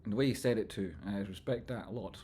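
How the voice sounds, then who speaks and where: Scottish male stream host, lower voice, reads chat, swears casually, swings loud to soft. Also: fast, a little hiss or hum. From Scotland. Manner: chatty, swears freely, swings from loud jokey outbursts to soft sincere asides. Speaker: livestream host reading chat.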